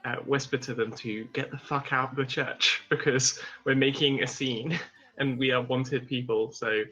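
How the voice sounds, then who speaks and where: Bright-voiced, profane man playing a tabletop game. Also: medium pitch, fairly even intonation, moderate pace, slightly rough, dull audio, faint music behind. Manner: profane, laughing, rambling. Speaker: player. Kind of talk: casual tabletop game talk, describing his character's actions.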